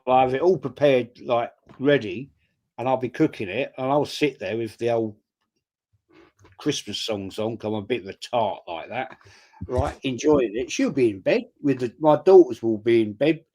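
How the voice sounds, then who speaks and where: A man's voice: mid-range voice, moderate pace. An older man telling blunt, sweary stories in casual live-stream chat. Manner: blunt, sweary storyteller, loud and animated. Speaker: guest on a fan stream.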